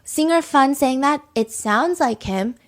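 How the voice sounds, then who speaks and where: A woman's voice: high voice, animated, measured pace. A woman hosting a true crime podcast, chatting casually and animatedly, piling up speculative rhetorical questions. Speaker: podcast host.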